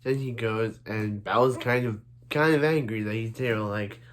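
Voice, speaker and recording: A man's voice: fairly low pitch, moderate pace. A man recapping an anime episode in casual chat, rambling with many restarts and repeated fillers. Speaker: anime reviewer.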